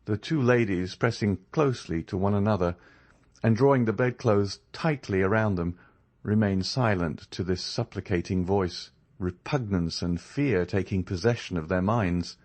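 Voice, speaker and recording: A man narrating a classic novel as an audiobook, in an expressive, measured storytelling manner. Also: deep voice. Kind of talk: scripted narration.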